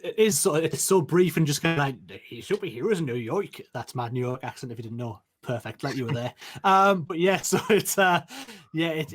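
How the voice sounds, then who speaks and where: A man co-hosting a casual film podcast, talking hesitantly with repeated starts. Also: on the high side. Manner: casual, hesitant, laughing asides. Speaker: podcast co-host.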